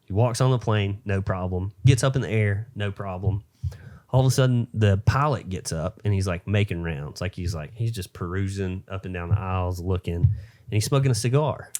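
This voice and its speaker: Man, very deep voice, casual podcast co-host, rambling joke teller, young adult. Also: moderate pace, a little mellow. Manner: rambling, filler-heavy storytelling.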